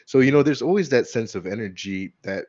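A man co-hosting a casual podcast chat about ghost stories, slangy and quick to laugh. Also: mid-range voice, animated, a little mellow. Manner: laughing, slangy, says dude often. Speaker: podcast co-host. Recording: dull lo-fi sound.

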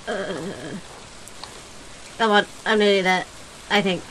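A woman's voice: mid-range voice, fairly even intonation, slow pace, background noise. A woman giving casual let's-play commentary, comically dramatic and given to whiny pleading. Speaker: video game player.

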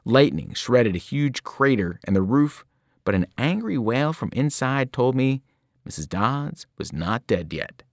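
A man's voice: mid-range voice, measured pace. A male reader telling a story to students, his voice rising and falling with plenty of movement. He sounds close and dry, with no room echo. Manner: lively storytelling with sudden voiced cries. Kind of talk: reading a novel aloud.

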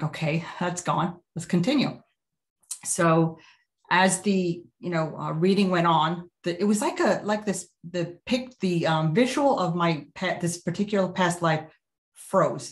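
A woman with a slightly low voice talks through a personal story on a video call. She is chatty and loose, restarting sentences and leaning on filler words as she acts out what people said. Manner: chatty, many fillers and restarts, quotes herself and others. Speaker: guest telling a past-life story. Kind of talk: casual storytelling.

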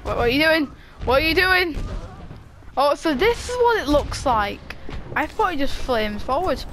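A woman giving excited, giggly commentary while playing a game, yelping and shouting at what happens on screen. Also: high-pitched, moderate pace, noisy background. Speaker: gaming video host.

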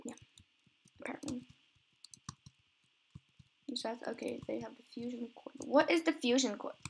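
A woman's voice: on the high side, normal speed, creaky, darkish tone, slight background noise. A woman chatting casually while playing and recording an online game, giggling often and exclaiming when surprised. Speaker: gamer recording gameplay.

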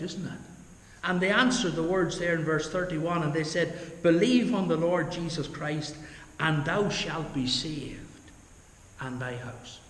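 A pastor leading a Bible study sermon, earnest, dropping low and soft at the end of each point, with homely asides to the congregation. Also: male voice. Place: church hall. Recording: echoey church hall, long reverb.

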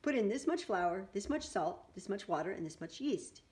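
A woman's voice: medium pitch, very animated, normal speed, darkish tone, natural voice. A woman voicing a demanding middle-aged male baker in a storybook, giving orders in a commanding way. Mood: instructing. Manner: bossy, commanding.

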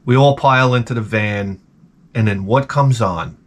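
A man's voice: on the low side, moderate pace. A middle-aged man, hungover, telling a rambling, exasperated story to his viewers. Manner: animated, exasperated, acts out his own reactions. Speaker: vlogger. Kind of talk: casual storytelling rant.

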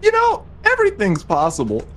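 A man's voice: high voice, wildly swooping pitch, fairly quick, crowd noise. A man playing a co-op game with friends, tossing out dry wisecracks. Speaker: co-op game player. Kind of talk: casual gaming chat. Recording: game noise underneath.

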